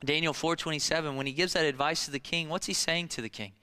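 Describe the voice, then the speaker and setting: A man's voice: fairly high pitch, fairly even intonation, fast talker, bright, forceful tone, clear, resonant tone. A man in his thirties preaching a sermon in a conversational way, asking rhetorical questions and telling stories from his own family life. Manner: rhetorical questions and personal anecdotes. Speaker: pastor.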